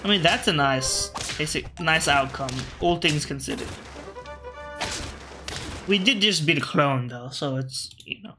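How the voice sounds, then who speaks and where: A man's voice: a little high, unhurried, sharp tone, faint music behind. A man giving casual, rambling commentary over a video game, often correcting himself mid-sentence and talking to his game pieces. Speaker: gaming video host.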